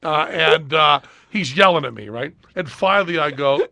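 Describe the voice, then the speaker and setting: A middle-aged man hosting a podcast, telling a story in casual chat and loudly acting out the people in it. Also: fairly high pitch, moderate pace, creaky, few pauses, dry recording. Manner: animated, shouts and acts out quoted people. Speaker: podcast host.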